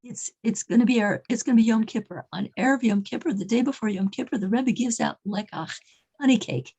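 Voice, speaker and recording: A woman telling a faith story in an informal talk, earnest and halting, often repeating words as she goes. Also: a little high, warm tone, slightly rough, low-quality recording. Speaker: religious storyteller.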